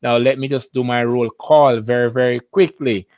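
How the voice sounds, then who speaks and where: A man's voice: mid-range voice, steady tone, moderate pace, no echo, dull audio. A Jamaican man, a biology teacher, hosting a live-stream lesson, chatty and upbeat as he greets viewers by name.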